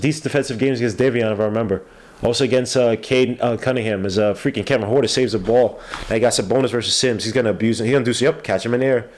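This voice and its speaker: Podcast host, male, mid-range pitch, stuffy nose, loose rambling play-by-play. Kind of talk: casual live game commentary.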